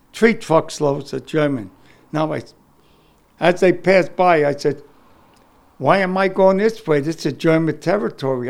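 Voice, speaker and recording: An older man, giving a halting, emotional oral history of his war experience. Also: on the high side, vocal fry, darkish tone. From New York City. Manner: halting, repeats words, emotional.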